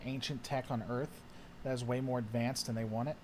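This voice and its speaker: A man's voice: mid-range voice, steady tone, a little fast, a little mellow, slight background noise. A man hosting a casual chat, answering viewer questions in a rambling way with lots of fillers. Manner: rambling, with frequent fillers and trailing thoughts. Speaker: host.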